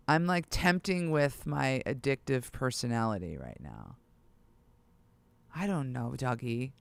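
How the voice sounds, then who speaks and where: Producer vlogger, excitable self-talk, animated pitch, smooth clear tone. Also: measured pace, no room sound. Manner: excitable, talks to self while browsing listings. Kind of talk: casual vlog talk to camera.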